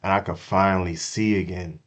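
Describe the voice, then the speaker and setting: Man, very deep voice, crypto stream commentary, slangy, repeats himself, jumps from loud hype to quiet. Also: fairly even intonation, moderate pace. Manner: swings from hyped shouting to hushed apologies. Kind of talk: excited market commentary to chat.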